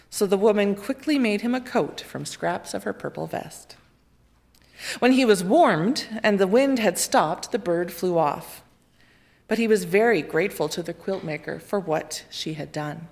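A woman narrates a children's fairy tale aloud, with expressive, lively storybook delivery. Her voice sits in a mid range. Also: mid-range voice, gravelly. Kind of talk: reading a children's picture book aloud.

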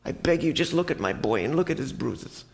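A man's voice: lively intonation, unhurried, vocal fry. A man doing a desperate pleading father. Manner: begging, voice breaking high.

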